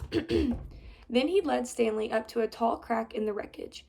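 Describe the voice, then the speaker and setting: A woman in her twenties reading a children's chapter book aloud in a steady, clear way. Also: a little high, slow pace. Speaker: storybook reader. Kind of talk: children's story read-aloud.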